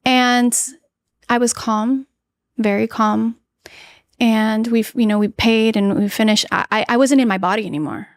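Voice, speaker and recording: Woman, podcast guest, earnest personal storytelling, halting with restarts, fairly high voice, dry close sound. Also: steady tone, no echo.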